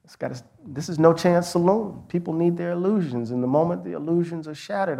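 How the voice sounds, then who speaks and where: A man's voice: fairly high pitch, fairly quick, creaky, hardly any pauses, mellow. A middle-aged man speaking as a guest in a live onstage conversation, telling a story with passion and restarting his sentences often. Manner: impassioned storytelling with repeated restarts. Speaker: guest, professor.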